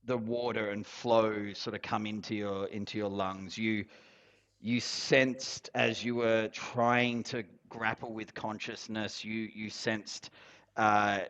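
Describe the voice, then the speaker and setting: A man narrating a tabletop game as game master, rambling and halting with fillers. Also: fairly low pitch, flat delivery, a bit bright.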